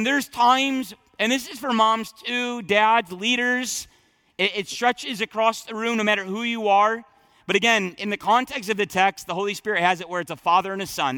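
A man's voice: high voice, pushed and bright, no echo, clean studio sound. A man preaching as a pastor, conversational and thinking aloud, with earnest, emphatic stretches and frequent restarts. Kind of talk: sermon.

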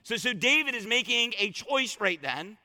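A man's voice: very high-pitched, big pitch swings, moderate pace, pushed and bright, in a large hall. A man preaching a sermon as a pastor, fervent and colloquial, repeating lines for emphasis.

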